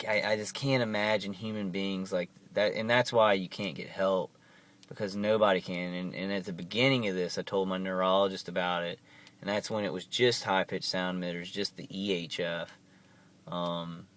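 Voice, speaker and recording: A man speaks into his camera at home in a deep, level voice that barely rises or falls. He talks in a halting, earnest way, circling back and repeating phrases as he goes. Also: flat delivery, a bit bright. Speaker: vlogger. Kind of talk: casual monologue to camera. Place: at home, indoors.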